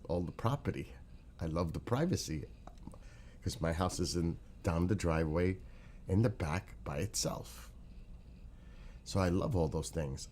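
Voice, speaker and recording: Chatty deep-voiced New York man. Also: warm tone. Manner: chatty, rambling, greets viewers by name. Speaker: livestream host. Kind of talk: casual morning livestream chat.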